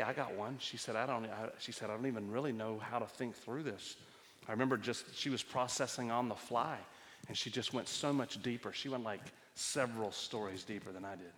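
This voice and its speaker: A man's voice: medium pitch, a bit bright, big-room sound. A man preaching a sermon, telling personal stories in a conversational way with frequent restarts. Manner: storytelling, conversational with many restarts. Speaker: pastor. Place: church hall.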